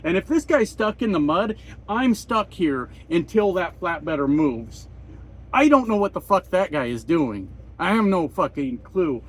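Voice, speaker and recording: A man's voice: high-pitched, very animated, a little slow, breathy edge. A man ranting bluntly and sarcastically in a trucker vlog, swearing a lot, recorded in his parked truck cab at a truck stop. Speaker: trucker vlogger.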